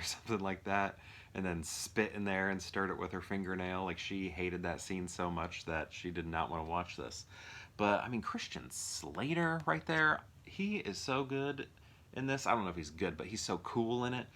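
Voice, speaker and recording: A young man with a low, deep voice talks through his movie collection in an unscripted, casual way. He rambles, trails off and restarts often, filling pauses with ums and uhs as he picks films off the shelf at home. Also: animated, a bit bright. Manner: rambling, many fillers and restarts. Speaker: movie reviewer. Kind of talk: impromptu casual movie chat.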